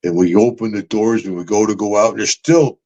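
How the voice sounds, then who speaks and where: A man's voice: fairly low pitch, fairly quick, mellow, poor audio. An older man hosting a podcast, rambling through stories with laughs and calling people brother and man. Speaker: podcast host. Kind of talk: casual storytelling chat.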